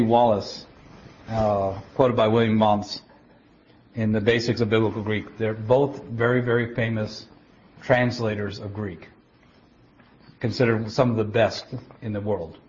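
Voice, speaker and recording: A man preaching a Bible teaching, explaining scripture step by step in a deliberate way, often stopping to restart a word. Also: fairly low pitch, steady tone, darkish tone. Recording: dull lo-fi recording.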